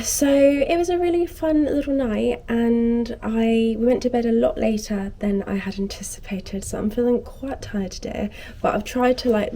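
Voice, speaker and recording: A woman's voice: medium pitch, dark tone, slight background noise. A young woman in her twenties chatting casually to camera as a vlogger, telling a story animatedly and acting out what each person said. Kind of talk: casual chat.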